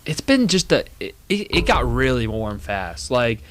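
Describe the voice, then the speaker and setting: A man co-hosting a casual church podcast, talking excitedly and often restarting his sentences. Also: mid-range voice, measured pace. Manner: excitable, jumps in with frequent restarts. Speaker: podcast co-host.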